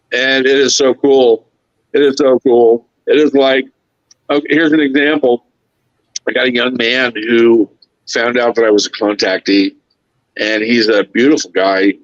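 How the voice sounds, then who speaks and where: A man's voice: mid-range voice, dry recording. Earnest emotional guy telling his story, dry muffled call audio. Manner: earnest, quotes others in his own voice. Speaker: podcast guest.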